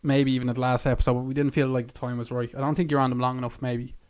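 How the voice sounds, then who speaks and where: Guy co-hosting a podcast, mid-pitched, rambles on with likes and ums. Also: flat delivery, very fast, darkish tone, clear, resonant tone. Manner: rambling, full of fillers. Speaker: podcast co-host. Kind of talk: casual chat.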